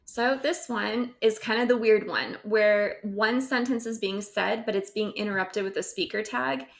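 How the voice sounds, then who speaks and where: A woman's voice: medium pitch, measured pace, gravelly. A woman teacher recording a grammar lesson over slides, explaining step by step and often checking in with "right?".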